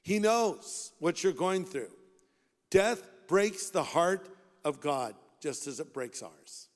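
A man preaching a sermon, impassioned and fond of rhetorical questions, swinging between loud and hushed. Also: fairly high pitch, animated, slow pace. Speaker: pastor. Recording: long hall reverb.

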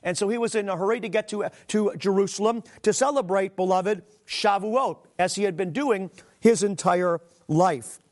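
A middle-aged male preacher delivers a teaching sermon in a noticeably high voice. He reads scripture aloud with earnest emphasis and keeps turning to speak directly to his listeners. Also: moderate pace, a little mellow.

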